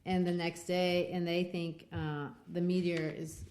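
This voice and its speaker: A woman's voice: lowish voice, flat delivery, a little slow, a little mellow, slight background noise. A woman hosting a literature podcast, retelling a classic novel with enthusiasm. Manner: enthusiastic, retelling scenes with quotes. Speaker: podcast host and literature teacher.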